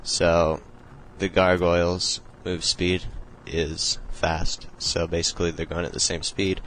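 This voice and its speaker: A man's voice: low voice, flat delivery, measured pace, a bit bright, a little hiss or hum, low-quality recording. A young man casually talking through a strategy game replay, explaining moves in a loose, rambling way with many fillers. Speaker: replay commentator.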